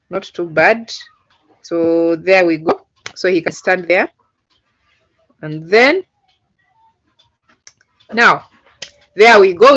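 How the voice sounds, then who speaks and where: Over dull, lo-fi video call audio, a Ugandan woman instructs an online coding class. She walks through each step patiently, using plenty of fillers, in a voice on the low side and a bit bright.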